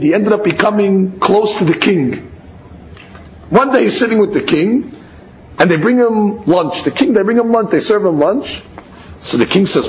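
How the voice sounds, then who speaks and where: A man, a religious teacher, telling stories in a sermon and acting out the quoted lines with lively shifts of voice. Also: high voice, a little hiss or hum. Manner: lively storyteller who acts out the quoted lines. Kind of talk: storytelling sermon. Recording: roomy, slightly dull recording.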